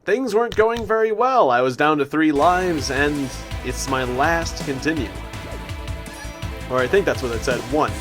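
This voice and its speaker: A man's voice: on the high side, lively intonation, measured pace. Giggly man recapping a game. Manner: giggly, self-deprecating, frequent restarts. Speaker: gaming video host. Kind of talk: casual gameplay recap commentary. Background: loud game music.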